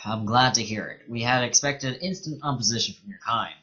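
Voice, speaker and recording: A man's voice: mid-range voice, animated, moderate pace, pushed and bright, lo-fi sound. A man reading the game lines of a proud, watchful male tribal leader in his own plain voice. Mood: guarded.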